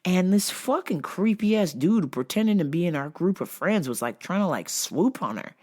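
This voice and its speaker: A woman podcast host telling a profane, animated story in casual talk. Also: on the low side, normal speed.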